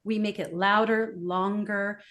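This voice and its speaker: A woman talks as a guest expert in an interview. Her voice sits at a middling pitch, and she explains with animation. She now and then acts out the reactions she describes. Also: fairly even intonation, measured pace, a bit bright.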